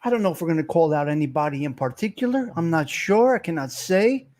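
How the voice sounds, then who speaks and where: A man hosting a casual livestream, talking loud, profane and fired-up. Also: on the high side, lively intonation, fast. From Italian-American. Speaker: livestream host.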